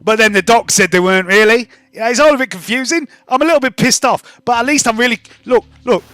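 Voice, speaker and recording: A man voicing a scrappy, excitable young woman who babbles nonstop in rough slang. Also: extremely high pitch, quick pace, no echo, pitched above the performer's own voice. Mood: boastful.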